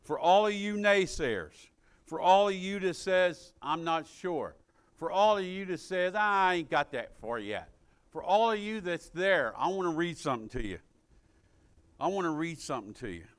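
A man preaching a sermon in a folksy, informal way, repeating phrases and building to fervent call-and-response shouts. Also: high voice, moderate pace, smooth.

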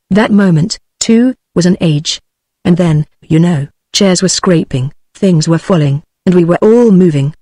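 A text-to-speech woman's voice with a British English accent, reading a story aloud as an audiobook narrator in an even, measured way. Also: on the low side, no echo. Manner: even, measured synthetic delivery.

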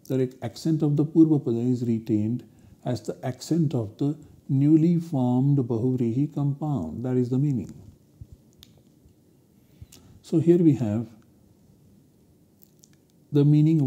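A man giving a recorded university lecture, explaining grammar rules slowly and deliberately. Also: medium pitch, mellow, dull audio.

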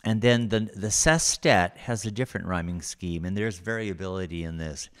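A man giving a recorded lecture over slides, explaining at an unhurried pace with frequent pauses. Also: low voice, fairly bright tone, clear, resonant tone.

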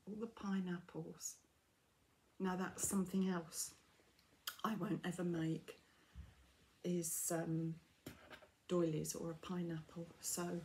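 Woman crafting vlogger, unboxing chat, unhurried delivery, gushing, breathy half-whispers, faint room hum behind. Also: on the low side. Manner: gushing, gasping, often drops to a soft breathy near-whisper.

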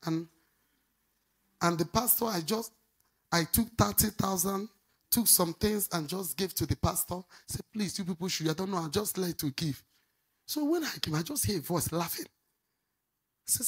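A middle-aged woman pastor preaching a sermon, swinging from loud outbursts to quiet asides. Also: moderate pace, pauses often, husky. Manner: animated preaching, swinging between shouts and low asides.

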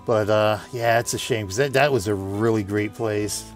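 Soft music plays in the background as a man in his forties, voice on the low side and pace moderate, plays a game and spins a rambling story. He laughs often, chats freely, and keeps starting over mid-thought.

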